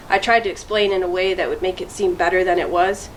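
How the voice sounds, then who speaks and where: A woman reading a children's chapter book aloud to students, in a clear, steady storytelling voice. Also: lowish voice, quick pace, slight background noise, poor audio. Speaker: school deputy reading aloud.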